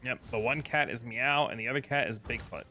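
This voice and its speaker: A man streaming a game, chatting casually with viewers, profane and animated when telling a story. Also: mid-range voice, brisk, soft background music. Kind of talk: casual chat.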